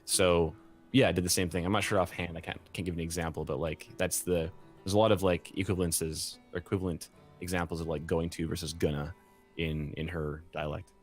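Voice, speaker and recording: Very low-voiced man rambling casually. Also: little pitch movement, fairly quick, faint music behind. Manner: rambling, many fillers and restarts. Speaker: game language designer explaining a cipher. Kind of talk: casual chat.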